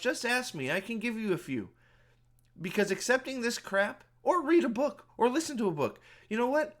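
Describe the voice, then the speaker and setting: A man's voice: fairly high pitch, a bit bright. A man giving a heated, indignant commentary to his channel viewers, swearing often and stumbling over repeated words. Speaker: YouTube commentator. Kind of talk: angry ranting commentary.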